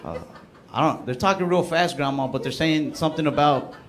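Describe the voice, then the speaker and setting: A young man performing a stand-up comedy set, telling stories in a laid-back, deadpan way. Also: fairly high pitch, fairly quick. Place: comedy stage before a live audience. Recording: loud audience laughter.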